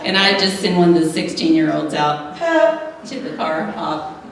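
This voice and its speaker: A woman's voice: deep voice, steady tone, unhurried, gravelly, over a noisy crowd. A middle-aged woman giving a humorous personal testimony to a church audience, laughing often as she tells her story. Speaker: speaker at a women's church gathering. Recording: echoey hall, mic at a distance.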